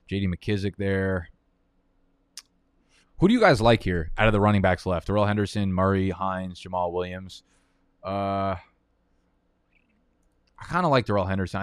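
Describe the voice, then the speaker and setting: A man's voice: deep voice, smooth, dry recording. Profane, ranting fantasy football streamer man. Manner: profane, rambling, heated rants with restarts. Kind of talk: casual live-stream commentary while drafting.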